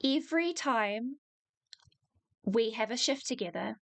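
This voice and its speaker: A young woman with a New Zealand accent in her twenties, casually telling a long personal story on a podcast, animated, swearing freely and laughing between lines. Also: fairly high pitch, a little slow, vocal fry. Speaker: podcast co-host.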